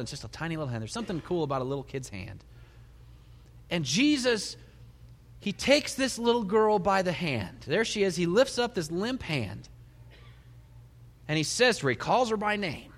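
Lively male preacher in a reverberant hall. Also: fairly high pitch, moderate pace. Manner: animated storytelling with soft laughs. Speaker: pastor. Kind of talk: sermon.

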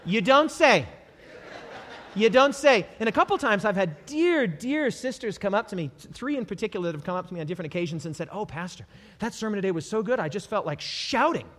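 A man preaching a sermon as a pastor, enthusiastic, breaking into shouted hallelujahs. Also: high-pitched, expressive, fast talker, slight background noise. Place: church hall. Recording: long hall reverb.

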